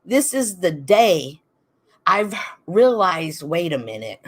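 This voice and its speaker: Woman host, lively swooping voice, lowish pitch, dramatic and laughing, talks straight to viewers. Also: takes it slowly, breathy edge. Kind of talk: animated livestream commentary.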